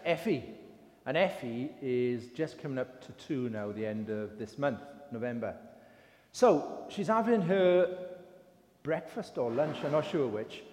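A man's voice: mid-range voice, a little mellow. An older man with an English accent giving an informal sermon, chatty and self-deprecating as he tells a story. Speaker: lay preacher. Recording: reverberant hall.

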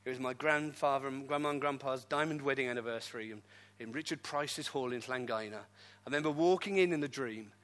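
A middle-aged man, a pastor, telling his story in a sermon with lively, self-deprecating humor. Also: mid-range voice, fairly quick, few pauses. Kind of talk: testimony sermon.

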